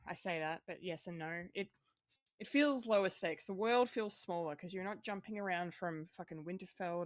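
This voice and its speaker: A woman's voice: fairly low pitch, dry recording. A woman co-hosting a podcast, chatting casually in a rambling way, with lots of fillers, restarts and swearing. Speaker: podcast co-host.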